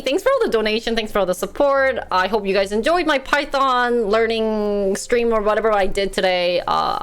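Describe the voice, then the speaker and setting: Hyper chatty young woman streamer. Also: on the high side. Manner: hyper, chatty, laughs often. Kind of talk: casual stream chat.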